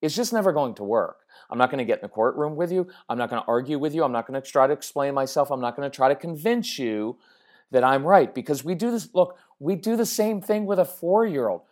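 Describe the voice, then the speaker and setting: A woman's voice: deep voice, animated, fast, darkish tone. Middle-aged woman, parenting coach; conversational, emphatic delivery that keeps checking in with the audience. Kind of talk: direct-to-camera parenting talk.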